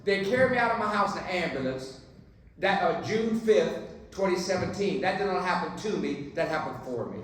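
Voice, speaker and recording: A man's voice: high voice, lively intonation, normal speed, a bit bright. Preachy man speaking in an echoey hall. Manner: punchy, preachy, joking with the crowd. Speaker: keynote speaker. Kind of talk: inspirational keynote speech. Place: banquet hall. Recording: very echoey hall, distant mic.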